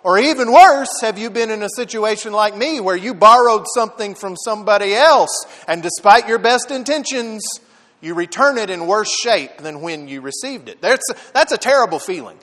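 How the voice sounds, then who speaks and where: High lively preacher guy, big reverb, tells stories with drama. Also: moderate pace. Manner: animated storytelling preacher with dramatic emphasis. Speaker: pastor. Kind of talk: sermon.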